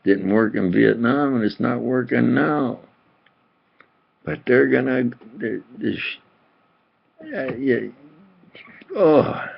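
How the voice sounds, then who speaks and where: Gravelly man rambling, lo-fi recording. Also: mid-range voice, expressive, takes it slowly, long pauses. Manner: rambling, repetitive and agitated. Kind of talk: rambling monologue to camera. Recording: dull lo-fi home video recording.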